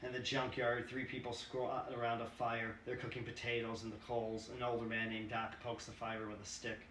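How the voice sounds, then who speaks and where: A man's voice: medium pitch, completely flat delivery, normal speed, a bit bright. A man reading a screenplay aloud with casual, profane asides. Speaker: reader. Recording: roomy, distant mic, faint hiss.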